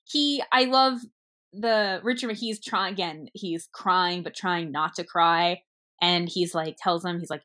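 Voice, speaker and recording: A young woman in casual chat about a movie, retelling scenes with lively quoted lines and frequent fillers. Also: fairly low pitch, a little slow. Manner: animated storytelling, acting out quoted lines. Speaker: movie reviewer.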